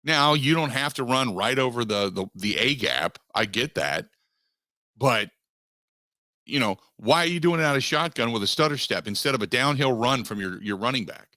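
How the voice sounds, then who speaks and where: A man hosting a sports talk radio show, giving opinionated takes in an emphatic way that climbs in pitch as he gets worked up. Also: expressive, normal speed, pushed and bright, no room sound, clean studio sound. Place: radio studio. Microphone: studio microphone.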